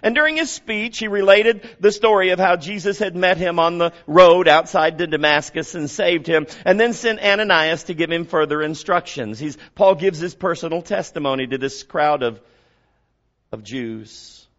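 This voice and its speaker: A man preaching a sermon as pastor, dropping to quiet passages and rising to loud emphasis while he asks the congregation questions. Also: a little high, moderate pace, dull audio.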